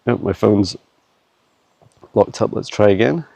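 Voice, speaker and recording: Man, dark gravelly voice, dry close phone sound, halting casual vlog delivery. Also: on the low side, no echo. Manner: halting, many fillers and restarts. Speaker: psychic channeler. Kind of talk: casual walking vlog, channeling answers. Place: woods outdoors, walking a dog. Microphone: handheld phone camera.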